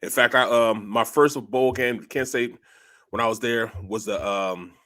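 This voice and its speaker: A man's voice: medium pitch, unhurried, bright, forceful tone. Laid-back middle-aged man talking sports. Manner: laughs often, uses bro and man. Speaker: co-host. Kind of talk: casual sports talk.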